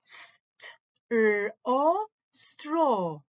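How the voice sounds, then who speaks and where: A woman teaching a phonics lesson to young children, sounding out letters and words slowly and clearly. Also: no room sound, muffled recording. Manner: slow, clear sounding-out with lively up-and-down pitch.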